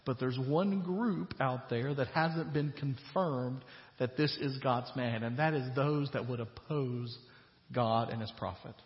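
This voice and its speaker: A man's voice: mid-range voice, measured pace. Man preaching in a reverberant hall. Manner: retells scripture in casual paraphrase, rising to emphatic preaching. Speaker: pastor. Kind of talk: sermon. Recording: dull sound with long hall reverb.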